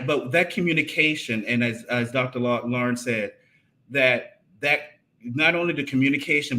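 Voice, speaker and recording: A man co-hosting a marriage podcast, talking in an animated, casual way and often repeating and restarting his phrases. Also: medium pitch. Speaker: podcast co-host. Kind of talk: casual conversation about marriage.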